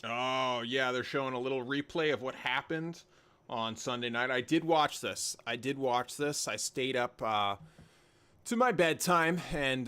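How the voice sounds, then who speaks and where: A man's voice: medium pitch, sharp tone, smooth. A young man hosting a live wrestling watch-along, rambling and joking while he reads and answers chat by name. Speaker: livestream host reacting to wrestling.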